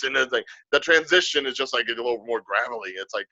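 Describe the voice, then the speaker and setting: A man co-hosting a podcast in casual chat, an animated storyteller who slips into put-on accents. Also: medium pitch, rapid-fire, hardly any pauses, no echo, dull audio. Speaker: podcast co-host.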